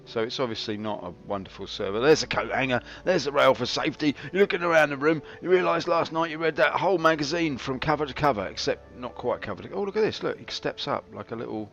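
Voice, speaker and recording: A man's voice: mid-range voice, fast, vocal fry, few pauses, fairly bright tone. A man commenting on his game live, chatty, wry and self-mocking. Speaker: game streamer. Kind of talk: casual live-stream commentary. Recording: slightly dull stream audio with faint game music.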